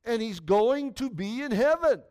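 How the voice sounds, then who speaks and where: A man's voice: very high-pitched, expressive, unhurried, darkish tone. A man preaching a sermon in an earnest, conversational way, often repeating himself. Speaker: pastor.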